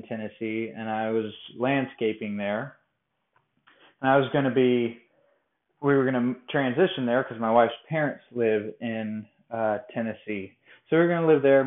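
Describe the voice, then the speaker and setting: A young man from Colorado tells a personal faith story as a podcast host. He talks in a casual, rambling way, often restarts sentences and pokes fun at himself. His voice sits at an ordinary middle pitch, and it comes through a thin, phone-like line in a room with a lot of echo. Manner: chatty, rambling, self-deprecating with frequent restarts. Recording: tinny phone-like sound in an echoey room.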